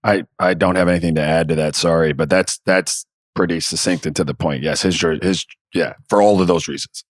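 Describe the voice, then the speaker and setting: A middle-aged man co-hosting a sports podcast, laid-back and blunt, talking in halting bursts. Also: low voice, fairly even intonation, no echo, studio quality. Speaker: podcast co-host. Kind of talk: casual chat.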